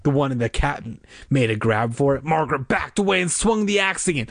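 Husky man reading a spooky kids' book. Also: mid-range voice, expressive, brisk, dry recording. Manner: reads aloud with exaggerated character voices and joking asides. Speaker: amateur reader. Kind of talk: casual read-aloud of a children's horror book.

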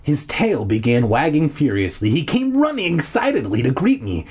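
A husky man reads a storybook aloud at home, his pitch rising and falling freely. Now and then he drops into deadpan, crude asides. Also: moderate pace, few pauses. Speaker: amateur reader. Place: at home with windows open. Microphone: laptop.

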